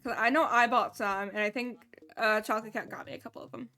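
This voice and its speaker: A woman streaming a cozy game chats in a playful, silly, giggly way during a casual live stream. Her voice is a little high, bright and forceful, with a steady tone and a quick pace, and faint music plays behind her.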